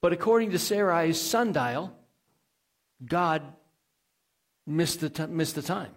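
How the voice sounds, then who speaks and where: A man's voice: fairly high pitch, animated, slow. A male pastor preaching a sermon in a conversational way, asking the congregation questions and adding folksy asides.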